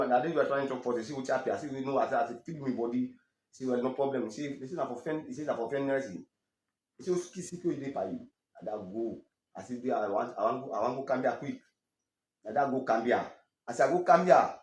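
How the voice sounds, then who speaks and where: A man with a Sierra Leonean Krio accent giving a halting, emotional personal testimony, stammering through restarts and growing animated when he quotes others. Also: mid-range voice, reverberant. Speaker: interviewee telling his story.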